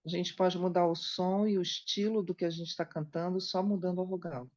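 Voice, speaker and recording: Lower-voiced woman interpreting, dull sound. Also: fairly even intonation, quick pace, darkish tone. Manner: paraphrases into Portuguese. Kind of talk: interpreting and commenting.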